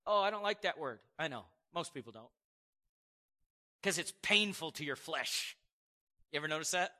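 A man in his forties delivers a sermon to a church congregation. His voice sits high and rings very bright and sharp. He tells stories with lively swings and quick acted-out quotes. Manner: animated, storytelling with acted-out quotes and chuckles. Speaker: preacher. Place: church service before a congregation.

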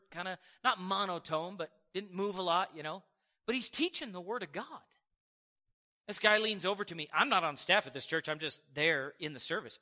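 A man in his forties preaching a sermon to a congregation, animated and storytelling, with chuckles and acted-out quotes. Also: sits high. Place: church service before a congregation.

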